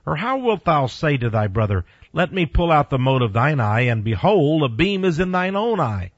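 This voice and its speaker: A man preaching a sermon, emphatic with big swings in pitch and loudness. He speaks to his listeners directly and bluntly, and reads scripture slowly and deliberately. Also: very animated, no room sound. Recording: dull lo-fi recording.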